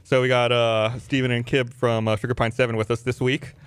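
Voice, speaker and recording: A man's voice: medium pitch, little pitch movement, brisk, clean tone, no echo, studio quality. A man hosting a podcast in casual chat, telling stories animatedly and acting out his own angry outbursts. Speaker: podcast host. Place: podcast studio.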